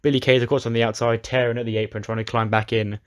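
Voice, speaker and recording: A man's voice: medium pitch, flat delivery, rapid-fire. A man casually recapping a wrestling simulation game, chatty and often restarting his sentences. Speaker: game commentator.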